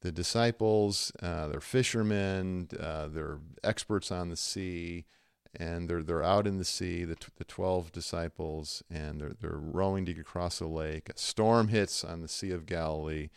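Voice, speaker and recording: A man with a fairly low voice hosts a faith podcast and tells stories in an animated way, acting out the people he quotes. The sound is dry and close, with no room around it. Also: unhurried, gravelly, clear, resonant tone, no room sound. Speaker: podcast host.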